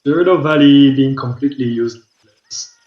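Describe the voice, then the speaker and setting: A man's voice: medium pitch, moderate pace, darkish tone, lo-fi sound. Guy casually commentating a game, talks in bits and restarts, echoey room.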